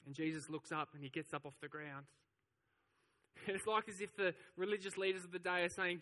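A man's voice: high voice, fairly even intonation, fairly quick, pushed and bright, long reverb tail. A man preaching a sermon, telling the story with animation and acting out the voices of the crowd. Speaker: pastor.

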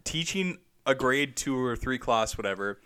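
A man's voice: mid-range voice, lively intonation, moderate pace, pushed and bright, smooth. A young man co-hosting a podcast, swearing and reacting to a friend's story in casual banter, calling him dude. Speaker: podcast co-host.

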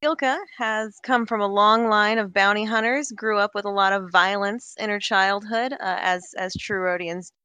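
A woman's voice: mid-range voice, steady tone, normal speed, few pauses, sharp tone, clean tone, dry recording. A woman player casually describing her tabletop character in a breezy, joking way with fillers.

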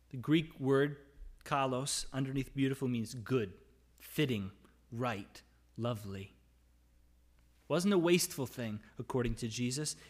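A male pastor delivering a church sermon, reading scripture and explaining it, swinging between emphatic lines and quiet, soft endings. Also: mid-range voice. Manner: expository preaching, reading scripture aloud and explaining it; dynamic delivery, rising for emphasis and dropping to soft, quiet phrases.

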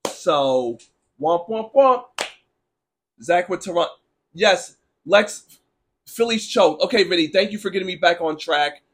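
A man's voice: high voice, moderate pace. A man hosting a casual sports talk stream, ranting bluntly and sarcastically while answering chat, with a sore throat. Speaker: sports talk show host.

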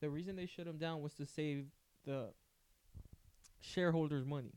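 A man's voice: a little high, normal speed, darkish tone, clean tone. A man, co-hosting a podcast, telling a story casually with swearing and laughter. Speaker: podcast co-host. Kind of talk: casual chat.

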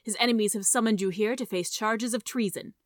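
A man's voice: high-pitched, fairly quick, fairly bright tone, dry recording, studio quality. A woman voicing a stern, gloating middle-aged male mayor who accuses a prisoner in a storybook reading. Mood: accusing. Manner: accusing, mocking.

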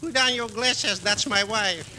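An actor playing a jolly, sly butcher in a 1940s radio comedy, with a chuckling comic manner. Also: male voice, high voice, measured pace, pushed and bright, full character voice. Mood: jovial. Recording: noisy old radio broadcast.

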